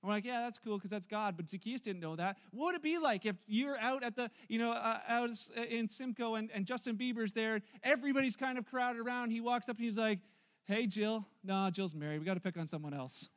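A man preaching a sermon as pastor, telling stories and acting out what people say in a lively way. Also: very high voice, brisk, few pauses. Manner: lively storytelling, acting out quotes.

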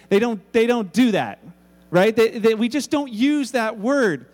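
A man preaches in a loose, joking way, full of restarts and asides. His voice is very high for a man. The sound rings on in a long hall reverb. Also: measured pace, a little mellow. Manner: casual, humorous storytelling with many restarts. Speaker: pastor. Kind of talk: sermon.

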